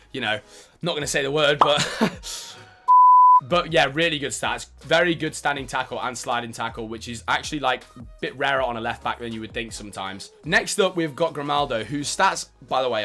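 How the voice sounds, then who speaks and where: Fast, bright-voiced young man. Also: medium pitch. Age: young adult. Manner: enthusiastic, chatty, self-mocking. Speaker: esports content creator. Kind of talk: casual gaming commentary.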